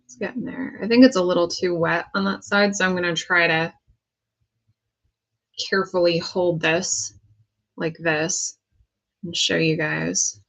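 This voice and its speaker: A woman's voice: fairly low pitch, steady tone, unhurried, gravelly, long pauses. An American woman casually talking herself through painting a prop, chatty and joking as she works. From United States. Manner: chatty, self-talking while working, jokey asides. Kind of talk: casual crafting vlog talk.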